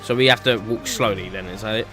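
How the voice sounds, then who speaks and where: A man's voice: fairly low pitch, fast talker, music in the background. A man giving casual, chatty commentary while playing a game, talking offhand to himself.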